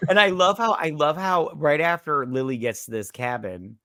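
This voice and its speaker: A man's voice: fairly high pitch, moderate pace, bright, forceful tone, dry recording, clean studio sound. A man co-hosting a casual movie review podcast, rambling and acting out scenes in quoted voices. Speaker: podcast co-host.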